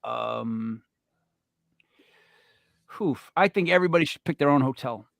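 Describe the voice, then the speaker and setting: A man co-hosting a casual podcast chat, telling jokes with plenty of fillers and animated delivery. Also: mid-range voice, measured pace, creaky, dry recording. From Italian-American family. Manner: joking storyteller, animated joke delivery with many fillers. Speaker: podcast co-host.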